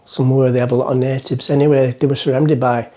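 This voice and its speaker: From a boat's bow, a middle-aged man rambles through a joke to his camera, chatty and self-deprecating. His medium-pitched voice is mellow and level in tone, and he talks quickly.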